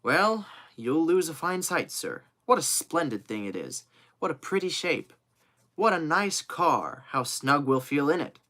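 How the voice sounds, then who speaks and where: A man's voice: fairly high pitch, sing-song, unhurried, bright, forceful tone, pitched above the performer's own voice, heavily acted. A man voicing a cheerful, loyal young manservant who talks eagerly and earnestly.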